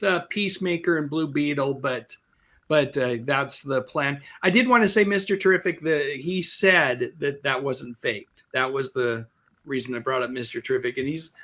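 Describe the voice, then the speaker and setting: Man, podcast host, casual chat, conversational, slightly high pitch. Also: sing-song, moderate pace, bright, forceful tone. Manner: conversational, reads viewer messages aloud.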